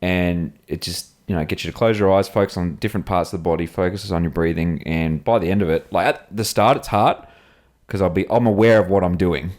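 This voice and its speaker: Deep and steady, with a darkish tone, an Australian man co-hosts a podcast at a brisk clip. His casual chat is full of profanity-laced stories and plenty of laughs.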